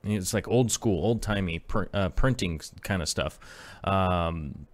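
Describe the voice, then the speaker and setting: Rambling low-voiced man live streaming. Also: measured pace, no echo. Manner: rambling, filler-heavy, reads chat aloud. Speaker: aquarium channel host. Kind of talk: casual live stream chat.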